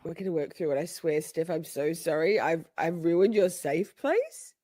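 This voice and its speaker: Mock-dramatic woman with lively pitch. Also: moderate pace, dry recording. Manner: mock-dramatic, exaggerated outrage. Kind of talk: comedic rant clip.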